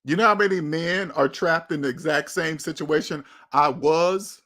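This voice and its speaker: A man's voice: on the high side, normal speed, pushed and bright. A man, hosting his own channel and giving blunt, emphatic advice in a candid monologue, often repeating phrases for stress. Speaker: channel host.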